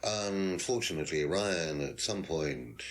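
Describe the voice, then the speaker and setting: A man's voice: low-pitched, lively intonation, measured pace. An actor playing a smug, condescending male lecturer who is questioned as a suspect in a detective video game, pompous and dismissive. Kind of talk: FMV game acting.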